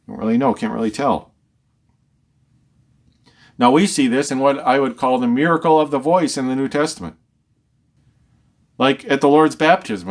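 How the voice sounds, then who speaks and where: A male Bible teacher who explains scripture verse by verse. He reads each verse with lifted emphasis, then explains it in a conversational tone, often repeating words as he thinks aloud. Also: medium pitch.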